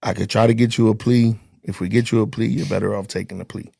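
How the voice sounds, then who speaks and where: A man's voice: on the low side, steady tone, quick pace, gravelly, warm tone, slightly rough, dry recording, clean studio sound. A man, a former corrections officer, telling his story bluntly in casual, profane speech and acting out the dialogue.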